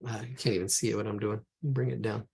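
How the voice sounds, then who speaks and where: Male art teacher, rough husky voice, rambles aloud while drawing. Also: on the low side, steady tone, brisk, a little mellow. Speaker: art instructor. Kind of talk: live drawing lesson.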